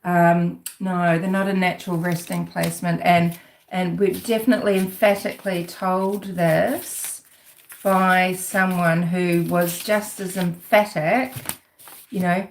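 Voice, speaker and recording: A woman's voice: fairly low pitch, flat delivery, slow pace, slight background noise. Rambling, sarcastic woman in an echoey room. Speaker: true-crime commentator. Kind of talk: casual livestream commentary. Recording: roomy echo.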